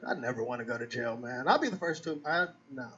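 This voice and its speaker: A man's voice: mid-range voice, expressive, fast talker, pushed and bright. A man doing a self-deprecating stand-up comedy routine on a club stage. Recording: dull lo-fi club audio.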